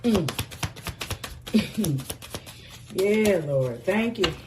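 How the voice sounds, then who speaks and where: A woman's voice: medium pitch, lively intonation, extremely slow, distant mic, background noise. A woman giving a casual tarot reading, emphatic and effusive, swearing freely and calling the listener pet names. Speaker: tarot reader.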